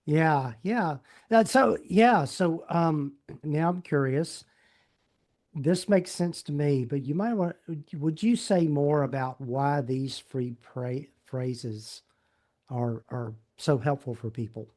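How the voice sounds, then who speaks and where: Slow, halting interview host. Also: mid-range voice. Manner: soft backchannels, slow halting questions. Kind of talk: conversational interview.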